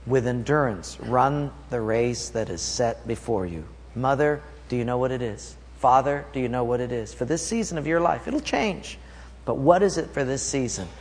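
A man's voice: medium pitch, animated, normal speed, a little mellow, a little hiss or hum. A pastor preaching a sermon, telling a story from his own life and acting it out with energy. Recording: long hall reverb.

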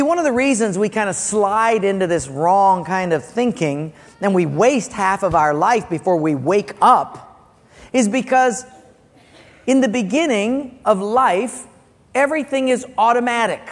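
A male pastor delivers a sermon, his voice sitting unusually high. He tells his stories with lively, acted-out voices and sudden loud bursts. The sound rings with the long reverb of a big sanctuary. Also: measured pace. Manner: animated storytelling, acts out characters with loud outbursts.

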